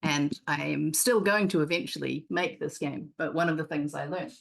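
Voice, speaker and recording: A woman with a low, gravelly voice tells her stories candidly as a guest on a live stream. She rambles a little, restarting sentences as she goes, in relaxed conversational chat. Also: normal speed. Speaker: board game designer, guest. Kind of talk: casual interview chat.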